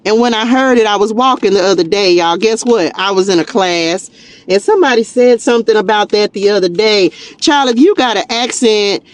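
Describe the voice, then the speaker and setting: A woman's voice: medium pitch, fairly quick. A woman with a Southern US accent giving a live tarot reading, chatty and folksy, encouraging her viewers and laughing easily. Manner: chatty, folksy, calls viewers "child" and "y'all"; warm encouraging pep talk, laughs easily. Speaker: tarot reader and spiritual coach.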